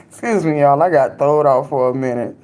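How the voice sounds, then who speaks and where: A woman's voice: low voice, mellow, slight background noise. A young adult woman hosting a casual commentary chat, loose and talkative, laughing often and speaking with slang. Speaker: livestream host reading viewer comments.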